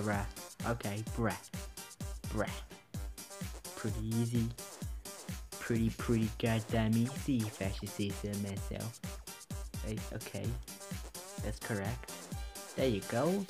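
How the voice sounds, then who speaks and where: A man giving let's-play commentary, muttering to himself and swearing casually as he plays. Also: fairly low pitch. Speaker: gaming video creator.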